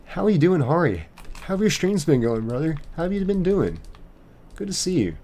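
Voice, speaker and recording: A man's voice: fairly high pitch, big pitch swings, normal speed, mellow, slight background noise. A man chatting casually on a live game stream, rambling as he reads and answers chat messages. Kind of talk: casual chat while gaming.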